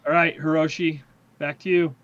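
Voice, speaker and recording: A man running a tabletop game as game master, calling results in a brisk, matter-of-fact way. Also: fairly high pitch, little pitch movement, fairly bright tone, highs cut off, slight background noise.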